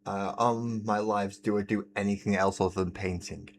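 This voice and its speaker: His voice sits on the low side, with fairly even intonation, a moderate pace and slight hiss or hum. This livestream host keeps things casual while painting miniatures, the desk mic close to his face, as he chats, laughs frequently and reads out messages from chat.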